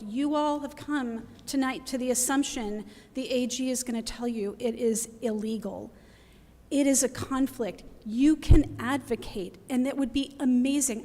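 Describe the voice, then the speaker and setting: At a council meeting, a middle-aged woman makes an impassioned public comment in a fairly high, slightly mellow voice. She pleads urgently and emotionally, close to tears, and the hall is reverberant.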